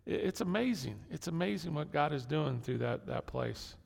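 Animated and speaking at normal speed, a pastor gives a conversational sermon in a church sanctuary, repeating key words and restarting phrases. His slightly high voice is darkish with vocal fry, carried by long hall reverb.

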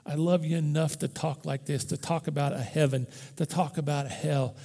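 A man preaching to his church, his voice gravelly and fairly high for a man, with a dark, mellow tone. He talks in a casual, passionate way, rising to loud bursts and dropping to near-whispers. The sound carries a long reverb from the hall. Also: steady tone, normal speed. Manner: impassioned, conversational, swings from loud to hushed. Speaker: pastor. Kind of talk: Easter sermon.

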